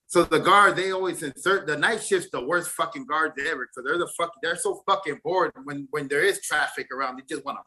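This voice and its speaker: A man in his forties tells his story with a bright, tense edge to his slightly high voice. He curses freely and rambles, often restarting his sentences with stammers. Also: a little fast, hardly any pauses. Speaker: interview guest, former prisoner. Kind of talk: casual storytelling.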